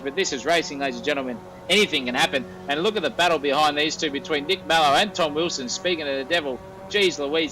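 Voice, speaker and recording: A race commentator with an Australian accent and a fairly high-pitched voice calls a sim race in excitable fashion, getting breathless and colloquial and shouting over the action as the battle heats up. The recording is rough.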